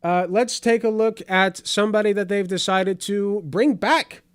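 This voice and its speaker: A man's voice: high-pitched, unhurried. Sarcastic man hosting political commentary. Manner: sarcastic, rambling with many fillers. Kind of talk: casual political commentary over clips.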